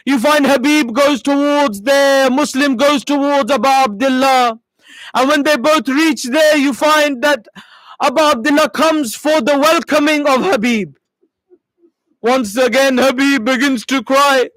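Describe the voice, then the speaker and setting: A man's voice: very high-pitched, steady tone, a little slow, a bit bright, dry recording, poor audio. A male preacher impassioned in telling a sacred story during a sermon.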